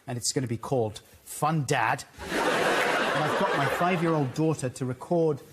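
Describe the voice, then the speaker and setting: A man in his forties, a dictionary corner guest, doing a deadpan, mock-earnest comic monologue. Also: mid-range voice, normal speed, heavy background noise. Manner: dry, mock-earnest, flustered bursts at a child.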